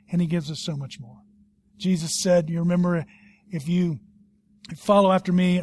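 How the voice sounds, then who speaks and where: A middle-aged man preaching a sermon as a pastor, telling stories with animation and dropping to a hush for serious points. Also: high voice, no echo. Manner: animated storytelling, swings between loud and hushed.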